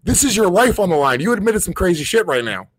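A man's voice: sits high, sing-song, fast talker. A man co-hosting a podcast, blunt and teasing, who swears casually. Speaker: podcast co-host.

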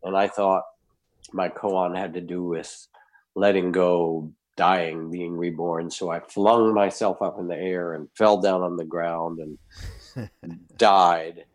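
An older man, a guest, telling a personal anecdote in an animated way and acting out the scenes. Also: low voice, slow. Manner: animated storyteller, acts out scenes. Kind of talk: anecdotal storytelling.

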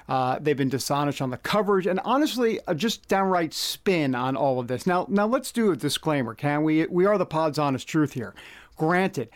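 A man with a somewhat high voice hosts a political podcast from a news studio, speaking into a studio mic. His delivery is animated and chatty, full of wry jokes, and he leans hard on the words he wants to stress. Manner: animated, wry asides, rising emphasis on key words. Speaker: podcast host. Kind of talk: casual political commentary podcast.

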